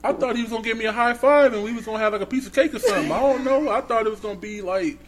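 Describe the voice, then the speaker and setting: A podcast co-host talks very fast in a high-pitched voice over a noisy background. He's an animated storyteller, casually relating events and voicing each person in them.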